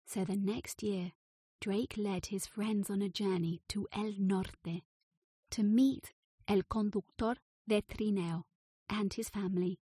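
A woman narrating a children's storybook, spacing each phrase out very slowly. Her voice is husky and a bit breathy. The sound is dry and close. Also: medium pitch, steady tone, dark tone, no echo. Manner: slow, clear storybook reading.

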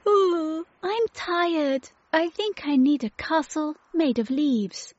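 A woman's voice: lively intonation, unhurried, darkish tone, slightly rough, no room sound, exaggerated voice. A woman voicing a young, curious girl tortoise who tires easily, in a storybook read-aloud. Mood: eager. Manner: high, eager, wondering. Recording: dull lo-fi dry recording.

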